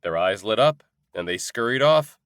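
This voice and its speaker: A man narrating a first-person audiobook in an expressive, conversational way. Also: on the low side, moderate pace, dry recording, studio quality.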